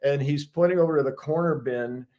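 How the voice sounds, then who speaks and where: A man's voice: fairly high pitch, brisk, mellow, lo-fi sound. Older American man, regular guest, chatty storyteller with an amused, self-deprecating manner. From United States. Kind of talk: casual storytelling.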